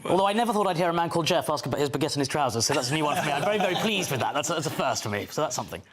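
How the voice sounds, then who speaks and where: A male comedian on a panel, quick, exasperated and sarcastic in his banter. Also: fairly high pitch, expressive, a loud crowd.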